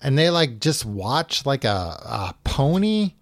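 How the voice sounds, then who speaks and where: Slow, rambling casual man. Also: medium pitch, sing-song, dry recording, studio quality. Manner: loose, rambling, full of "like" and quick character asides. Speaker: podcast host retelling a book. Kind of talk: casual chat, paraphrasing the story.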